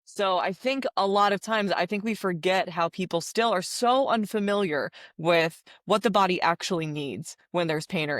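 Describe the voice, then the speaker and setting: A woman physical therapist speaks as a podcast guest, explaining her approach with steady confidence. She piles up examples in long, flowing lists. Her voice is recorded close and dry. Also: lowish voice, no room sound. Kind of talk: interview answers.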